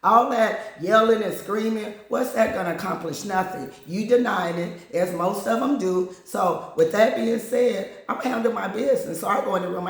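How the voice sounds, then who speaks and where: A woman host telling a personal story in a candid, blunt, casual way, acting out what other people said. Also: mid-range voice. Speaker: channel host. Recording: very echoey room.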